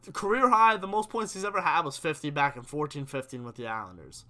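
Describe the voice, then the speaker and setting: A man's voice: fairly high pitch, fast. A young man hosting a live sports stream, chatting casually with viewers and getting worked up as he argues his points. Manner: animated, gets worked up, reads chat questions aloud.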